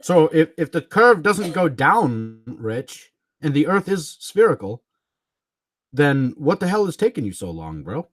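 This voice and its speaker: Combative man ranting on a livestream, very animated. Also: a little high, unhurried, no echo. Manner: combative and mocking, swearing, chuckling between jabs. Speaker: livestream host.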